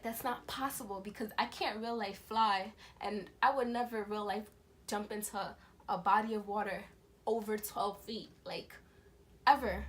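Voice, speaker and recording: A young woman vlogger telling a storytime tale in casual, slangy speech, acting out the voices of the people in it. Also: medium pitch. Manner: animated storytelling, acts out quoted voices. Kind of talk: storytime vlog.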